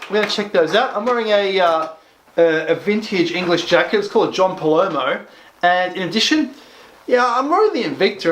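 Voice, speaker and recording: A man's voice: sits high, fairly bright tone. A man hosting a casual watch review vlog, rambling along with many fillers and restarts. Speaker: watch reviewer, channel host.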